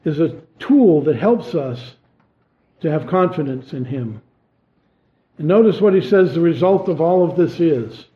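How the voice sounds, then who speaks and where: A man preaching a sermon in an earnest way, asking pointed questions and then dropping his voice low. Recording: tinny phone-like sound.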